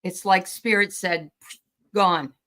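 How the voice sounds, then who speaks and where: A woman's voice: fairly low pitch, normal speed. A woman hosting a live stream over a video call, flustered and apologetic, laughing easily. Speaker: channel host.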